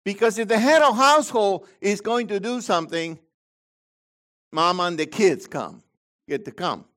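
A man preaching a sermon as pastor, swinging between loud high emphasis and low quiet asides. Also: lively intonation, normal speed.

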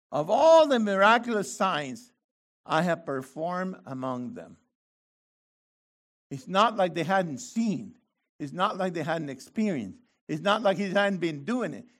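A man preaching a sermon, reading scripture slowly and then breaking into loud, animated exclamations. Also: sits high.

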